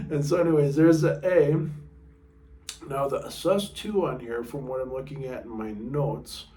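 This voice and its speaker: A man giving a relaxed guitar lesson, thinking aloud and stopping to check his notes. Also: medium pitch, measured pace, roomy sound, recorded from a distance. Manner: talks with a pick in his mouth at times. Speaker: guitar teacher. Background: guitar playing.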